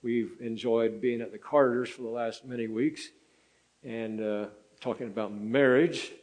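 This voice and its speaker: An older man preaching a sermon in a folksy, halting way, with many fillers and restarts. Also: mid-range voice, fairly even intonation, darkish tone, rough recording. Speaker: pastor.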